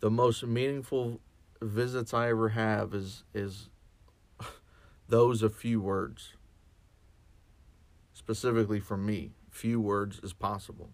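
Guy who's a chaplain talking on his podcast, kinda low voice, earnest, keeps stumbling and repeating words. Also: fairly even intonation, slow pace, pauses often, no echo. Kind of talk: reflective podcast monologue.

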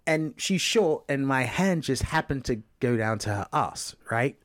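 Lively Englishman telling stories. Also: mid-range voice. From England. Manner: animated storytelling, quick and expressive. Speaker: podcast guest. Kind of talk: casual chat.

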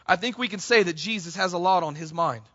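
A man preaching a sermon to his church, passionate, calling out to the congregation and rising to near shouts. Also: high-pitched, fast, lo-fi sound. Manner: impassioned, rising to near shouts on quoted cries; addresses congregation as "church", frequent "right?". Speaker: pastor.

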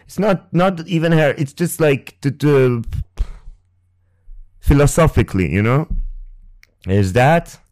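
A man hosting a podcast and telling a painful personal story. He speaks haltingly and emotionally, restarts often and swears, close to the mic. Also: a little high, darkish tone, no room sound. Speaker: podcast host. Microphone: close ASMR microphone.

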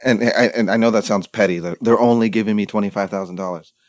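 A man's voice: lowish voice, fairly even intonation, quick pace, dry recording. A young man hosting a podcast, telling a long personal story in casual chat and swearing freely. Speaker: podcast host.

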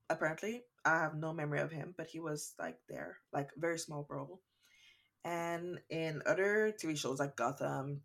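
Low-pitched young woman from Canada, podcast co-host, chatty and rambling. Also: gravelly. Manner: chatty, rambling with fun facts. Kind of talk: casual chat.

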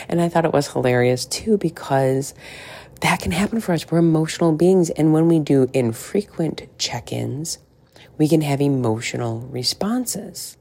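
A woman's voice: low-pitched, lively intonation, measured pace, creaky, mellow, breathy edge. A middle-aged woman coaching on weight loss in a frank, chatty monologue, swearing freely and tossing in asides. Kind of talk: casual podcast monologue.

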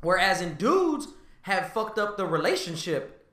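A man in his thirties in casual podcast chat, talking fast and loose, swearing and tagging lines with "bro" and "right?". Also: high voice, big pitch swings, fairly bright tone, reverberant, recorded from a distance. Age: 30s. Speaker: podcast co-host.

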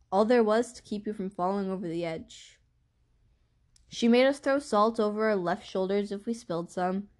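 A woman reads a first-person novel aloud as an audiobook. Her delivery is even and measured. Her voice sits in a middling range for a woman. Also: medium pitch. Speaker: audiobook narrator.

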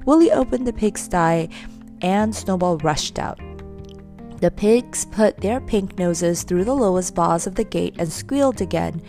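A woman reading a children's storybook aloud in an expressive way. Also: lowish voice, measured pace, soft background music.

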